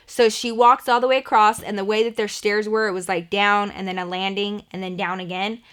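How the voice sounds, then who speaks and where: A young woman vlogger telling a personal story in a chatty, animated way, full of "like" fillers. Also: medium pitch, fairly quick, smooth. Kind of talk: storytime vlog narration.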